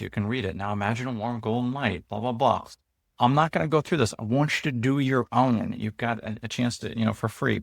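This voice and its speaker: A man hosts his own channel and talks viewers through an app step by step. His voice sits low with a gravelly edge. He keeps it loose and chatty, with plenty of fillers and restarts, and the sound is close and dry with no room around it. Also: no echo. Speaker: host and app founder. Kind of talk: casual screen-share walkthrough.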